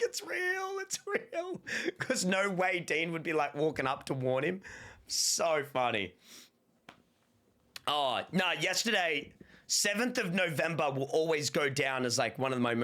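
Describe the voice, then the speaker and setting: A man, chatting casually and telling rambling stories on a livestream with lots of slang. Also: medium pitch. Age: 30s. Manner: rambling, animated storytelling with playful slang. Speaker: streamer.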